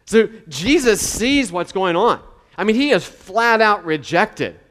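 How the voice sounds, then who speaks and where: Male pastor, casual sermon delivery, slightly high voice, long hall reverb. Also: lively intonation, a little slow, a bit bright. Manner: conversational, acts out quoted voices.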